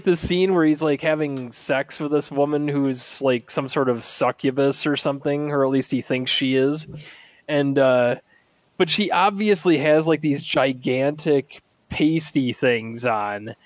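A man's voice: mid-range voice, measured pace, no room sound. A man chatting casually as a podcast co-host, rambling with lots of fillers and laughing as he tells stories. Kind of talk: casual chat.

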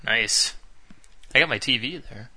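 Bright, dry-sounding young male co-host. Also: mid-range voice, unhurried, no room sound. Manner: laid-back, wry. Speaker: podcast co-host. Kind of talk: casual chat.

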